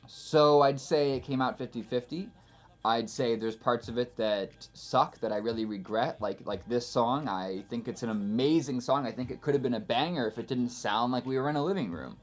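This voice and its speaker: A man's voice: mid-range voice, normal speed. A man casually talking through the making of his own album in a studio, rambling and self-deprecating, full of fillers and restarts. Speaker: musician giving album commentary. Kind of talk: casual spoken commentary. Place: recording studio.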